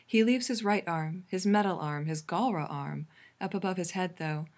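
Woman narrating a story, low-pitched. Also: normal speed, a little mellow. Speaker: reader. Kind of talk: reading fan fiction aloud.

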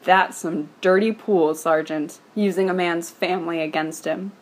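A woman's voice: fairly low pitch, steady tone, unhurried. A woman voicing a cocky, sarcastic, foul-mouthed young man in a fan fiction reading, with a taunting manner.

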